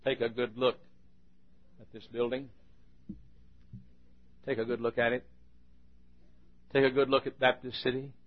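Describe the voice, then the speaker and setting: Male pastor, fiery sermon, loud and quiet by turns, church, muffled lo-fi recording. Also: medium pitch, level tone, measured pace, long pauses. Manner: fiery preaching, swinging between shouts and quiet asides.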